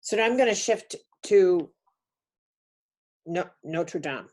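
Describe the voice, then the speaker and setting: A woman telling a personal story on a webinar, earnest and halting, often restarting her sentences. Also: lowish voice, expressive, a little mellow. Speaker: webinar speaker.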